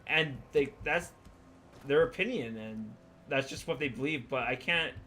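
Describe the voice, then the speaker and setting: A man's voice: mid-range voice, measured pace, pushed and bright, a little hiss or hum. A man in his twenties commentating a game, rambling and musing with lots of fillers. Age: 20s. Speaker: let's play host. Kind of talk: casual gaming commentary.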